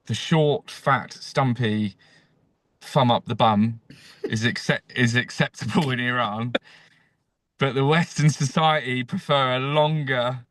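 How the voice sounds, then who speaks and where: A man's voice: mid-range voice, fairly even intonation, a little slow, a bit bright, dry recording. A man guesting as a comedian on a podcast, chatting crudely and swearing freely, breaking into ranting bursts. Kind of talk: casual comedic podcast chat.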